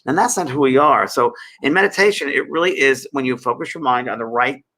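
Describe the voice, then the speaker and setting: A man's voice: medium pitch, a little fast, bright, forceful tone. A middle-aged man hosting a show, explaining meditation in an earnest, rambling way, often restarting and repeating himself. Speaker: spiritual teacher and host. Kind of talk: casual teaching chat.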